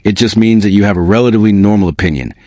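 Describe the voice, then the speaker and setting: A man's voice: on the low side, racing, darkish tone, no room sound, clean studio sound. A man hosting a reaction commentary, lecturing in a disapproving tone. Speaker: commentary host.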